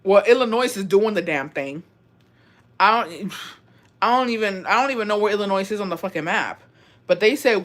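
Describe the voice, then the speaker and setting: This host, a woman from Texas in her twenties, chats casually and emotionally about viewer stories, cursing freely. Her mid-range voice is animated and moves at a normal speed.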